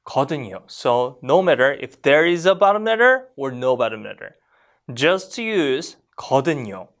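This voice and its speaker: A Korean language teacher walks learners through grammar in an animated voice that rises and falls a lot. The teacher keeps checking in with quick questions and says the example phrases carefully so they can be copied. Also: mid-range voice. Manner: models Korean phrases slowly for learners to repeat; lively, questioning classroom delivery.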